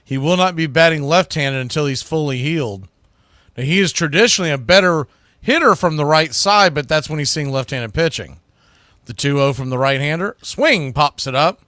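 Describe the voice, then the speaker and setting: A man's voice: fairly high pitch, normal speed, sharp tone, no echo, clean studio sound. A man calling live baseball play-by-play who often corrects himself mid-sentence.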